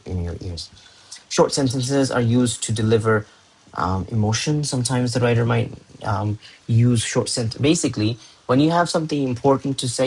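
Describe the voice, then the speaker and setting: A young male tutor talks through exam techniques in a loose, conversational way, full of fillers, restarts and slangy asides. His voice sits a little low and has a husky, slightly breathy edge. He sounds relaxed and unscripted, like a friendly explainer rather than a formal lecturer. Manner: chatty, informal, self-correcting with fillers and slang. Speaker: English tutor. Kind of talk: casual teaching explanation.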